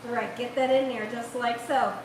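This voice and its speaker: The recording is rough, with a roomy sound and slight background noise, as a woman of fairly high pitch hosts a live cooking stream in her home kitchen. Her tone stays steady at a moderate pace while she chats, laughs often, and reads the chat aloud.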